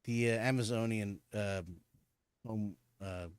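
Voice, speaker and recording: A man co-hosting a casual podcast, chatting excitedly and swearing as he rants about shows. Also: lowish voice, a little slow, clear, resonant tone, no room sound. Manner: excitable, profane ranting with frequent laughs. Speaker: podcast co-host. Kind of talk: casual chat.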